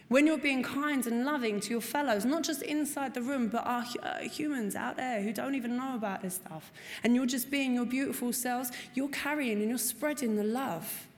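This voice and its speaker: A woman speaking earnestly and candidly to a recovery group, swearing freely and repeating words for emphasis. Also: fairly high pitch. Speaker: speaker sharing at a recovery meeting. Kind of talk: personal testimony to a group. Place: meeting room. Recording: long reverb of a meeting hall, faint room ambience.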